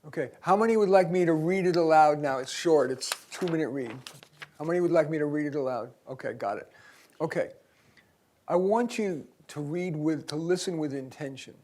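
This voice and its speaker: Man, career coach, seminar talk, slightly higher voice, reading aloud deliberately, auditorium. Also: darkish tone. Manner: deliberately slowed, self-described fast talker. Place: university auditorium.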